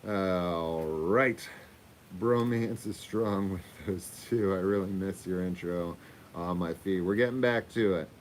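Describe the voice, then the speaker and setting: A man's voice: low-pitched, takes it slowly, slight background noise. A man hosting a casual livestream, chatting loosely with viewers and his dog and swearing now and then. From Florida. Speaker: livestream host. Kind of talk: casual livestream sign-off chat.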